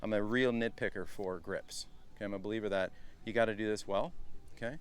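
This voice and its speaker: A middle-aged man coaching a group at a live golf clinic, chatty and energetic, often turning to the group as guys. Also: on the low side, a little fast, clear, resonant tone. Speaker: golf instructor.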